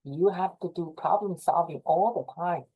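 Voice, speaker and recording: A middle-aged woman from China, who has a Chinese accent, speaks at normal speed in a lowish, breathy voice that sounds like it is coming through a phone. She presents informal advice to fellow association leaders on a video call, repetitive, earnest and encouraging.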